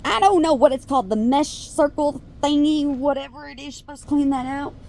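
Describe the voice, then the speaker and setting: A woman's voice: sits high, fairly quick, a little hiss or hum. A mother vlogging to her viewers in a rambling, chatty way, often losing her track and starting again. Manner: animated, chatty, trails off and restarts. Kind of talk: rambling casual chat to camera.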